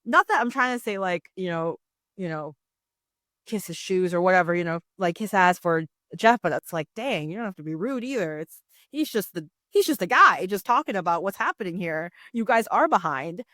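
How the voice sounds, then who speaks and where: A young woman co-hosting a podcast in casual chat, animated and giggly, often jumping into high, excited mock voices. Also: moderate pace, dry recording, clean studio sound. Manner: chatty and giggly. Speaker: podcast co-host.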